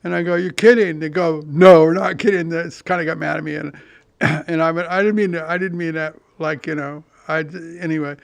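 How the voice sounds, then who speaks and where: An older man from California with a high, smooth voice, rambling through stories on his own podcast. He restarts often, swears casually and pokes fun at himself. The sound is close and dry, with no room around it. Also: flat delivery, fairly quick, fairly bright tone, no room sound. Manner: meandering, profane, self-deprecating storytelling with many restarts. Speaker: podcast host. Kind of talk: rambling monologue.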